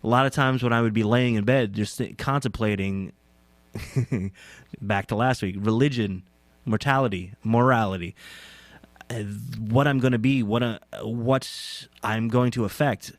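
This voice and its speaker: A young man talks alone in a casual, rambling way, pausing often with "uh" and poking fun at himself. His voice sits at an ordinary pitch for a man. The sound is close and dry, with almost no room echo. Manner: rambling, self-deprecating, many fillers. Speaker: podcast host. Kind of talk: casual solo talk. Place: indoors, on a couch.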